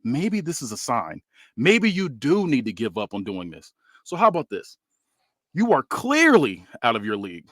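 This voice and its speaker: A man's voice: medium pitch, huge pitch swings, moderate pace, fairly bright tone, no room sound, clean studio sound. A man reading as a smug scheming rival businessman. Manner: condescending, slick, faintly mocking. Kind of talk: read-aloud fantasy wrestling booking.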